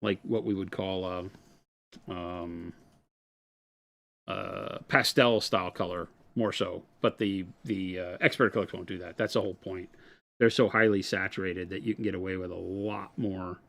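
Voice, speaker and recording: A man with a fairly low voice, talking casually on a live painting stream. He explains things in loose, wandering answers, padding them with "you know" and "um" as he goes. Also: moderate pace, gravelly. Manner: relaxed, rambling explanations with many fillers. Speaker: painting host answering viewer questions. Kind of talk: live-stream hobby chat.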